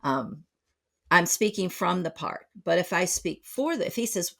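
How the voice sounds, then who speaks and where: A woman's voice: on the low side, sing-song, a little slow, creaky, fairly bright tone. A middle-aged woman speaking as a psychotherapist guest on a podcast, reflective and full of fillers and restarts. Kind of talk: conversational podcast interview.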